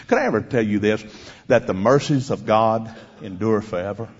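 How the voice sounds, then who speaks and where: A man's voice: on the low side, lively intonation, moderate pace, few pauses, husky. A man preaching a sermon, speaking directly and challengingly to his congregation, on a dull lo-fi recording.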